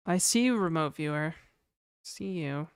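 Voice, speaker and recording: Slow-talking, laid-back woman streamer. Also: sits low, lively intonation, smooth, no echo, studio quality. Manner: laid-back, slangy, sighing and chatting to viewers. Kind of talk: casual live-stream chat.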